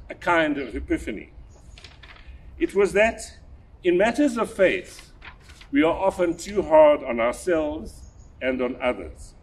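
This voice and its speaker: A husky older man preaching a sermon, his voice rising and falling in wide, lively swings. He speaks in a measured, deliberate way, pressing hard on key words. His voice sits a little higher than most men's. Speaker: priest.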